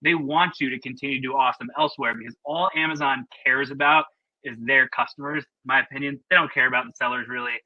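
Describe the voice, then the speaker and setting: A man's voice: medium pitch, steady tone, fast talker, no echo, dull audio. A man presenting a webinar in a casual, chatty, opinionated way with plenty of fillers, over a video call.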